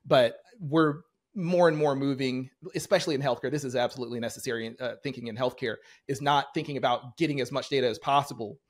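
A man hosting an interview, asking questions and reading them out from the audience, halting with many "uh" sounds. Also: medium pitch. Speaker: interview host.

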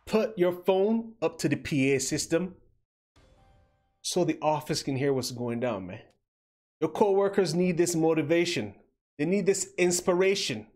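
Slow, playful male game streamer. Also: a little high, expressive, a little mellow. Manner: playful, teasing banter with chat. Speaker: livestream host. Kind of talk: casual gameplay commentary.

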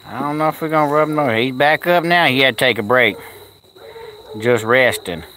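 A man's voice: medium pitch, normal speed, sharp tone, a little hiss or hum. A man chatting casually on a live stream outdoors at a kennel, cooing at his animals and answering the chat in a folksy way.

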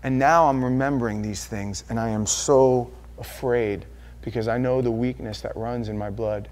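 A male pastor giving an impassioned sermon, swinging from hushed confession to loud emphasis. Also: mid-range voice, steady tone, normal speed.

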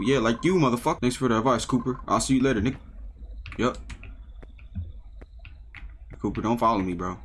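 A young man streaming a horror game live, full of cursing slang and jumpy reactions. His voice sits at a middle pitch with faint noise behind it. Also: normal speed, pauses often, a bit bright. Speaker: gaming streamer.

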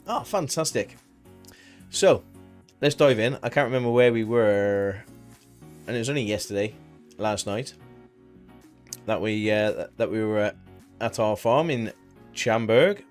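Male streamer, friendly running chat with viewers, faint music underneath. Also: on the low side. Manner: chatty, greets viewers by name. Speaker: game streamer. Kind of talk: casual live-stream chat.

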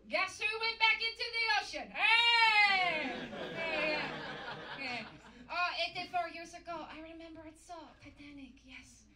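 On a comedy club stage, a woman does a live stand-up impression of a vain, over-the-top female diva singer, using a put-on French-Canadian accent and a high voice. She's loud, campy, boastful, and sing-song, bursting into shouts. The recording is roomy and distant with audience noise.

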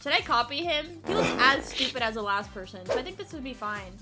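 A young woman giving casual gameplay commentary, playful and shouty, laughing often. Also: fairly high pitch, big pitch swings, a little fast. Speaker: gaming YouTuber. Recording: background music.

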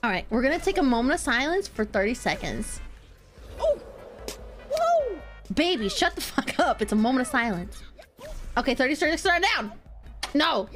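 A woman streamer playing a game live, yelling and swearing at it. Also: high voice, sing-song, a little fast, over loud music.

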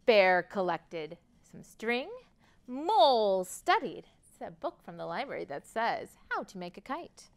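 A woman's voice: fairly high pitch, slow. A woman librarian reading a picture book aloud at storytime, asking the children questions and acting out the sounds. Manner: expressive, asks children questions, acts out sounds.

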